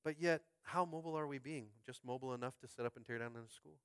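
In a school space converted for worship, a man pastoring a small church preaches with fervor, shifting from gentle musing to shouted high points while calling out to his flock. His mid-pitched voice is fast and clean, recorded dry and close without any room sound.

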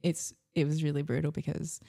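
A woman's voice: deep voice, little pitch movement, fairly quick, vocal fry, dark tone. An Australian woman speaking as a podcast guest, frankly recounting her story with frequent fillers and casual swearing. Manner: frank, rambling, swears freely, many "like" fillers. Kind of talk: candid personal storytelling.

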